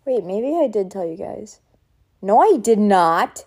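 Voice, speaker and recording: A woman's voice: mid-range voice, sing-song, unhurried, a little mellow, slightly rough. A young woman vlogging in a casual, chatty, sentimental way, full of likes and ums. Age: young adult. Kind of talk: casual chat.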